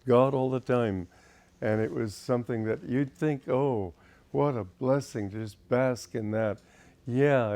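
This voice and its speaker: An older man with a mellow, gravelly voice of medium pitch, a spiritual teacher, shares wry stories from his past with an audience. He laughs at his own anecdotes as he reminisces.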